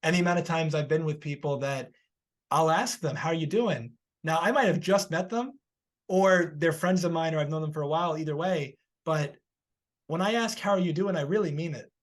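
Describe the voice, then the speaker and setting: A male podcast host with a slightly raised pitch speaks in a conversational interview. He tells stories earnestly and encourages his guest. He is also a healer. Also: brisk. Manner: earnest storytelling, warm encouragement.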